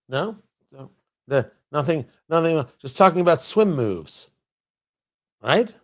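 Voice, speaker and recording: Animated sarcastic talk radio host man. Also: a little high, slow, long pauses. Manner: sarcastic, animated, mocking asides. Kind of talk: opinionated talk radio monologue. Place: radio studio.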